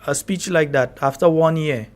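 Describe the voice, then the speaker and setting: A man hosting live talk radio. His voice is high for a man, and he talks in a chatty way, often checking that his listeners are following him. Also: normal speed. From Grenada. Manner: chatty, asks listeners if they understand. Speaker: radio talk show host.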